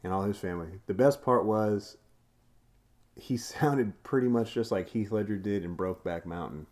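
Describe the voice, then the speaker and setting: A man co-hosting a casual podcast chat in a put-on American Southern drawl, playful and quick to laugh, explaining things at length. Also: fairly low pitch, darkish tone. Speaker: podcast co-host.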